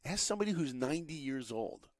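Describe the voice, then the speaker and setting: A man's voice: on the high side, fast, dry recording, studio quality. A man telling motivational stories as a podcast guest, acting out the quotes with a lot of energy. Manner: animated, acts out quotes. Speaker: podcast guest, animation director. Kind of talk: motivational storytelling.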